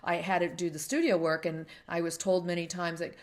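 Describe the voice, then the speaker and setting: A middle-aged woman hosts an interview in casual conversation. She tells her stories with lively energy and acts out the voices of the people she quotes. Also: fairly low pitch, normal speed, few pauses. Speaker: host. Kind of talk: casual interview chat with storytelling.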